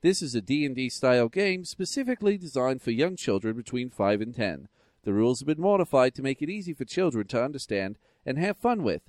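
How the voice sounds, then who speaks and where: A man's voice: mid-range voice, very animated, brisk, darkish tone, no room sound, studio quality, lightly acted. A man reading out a listener's email, playing a cheerful Australian geek dad in a put-on Australian accent. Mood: cheery. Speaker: listener email read aloud.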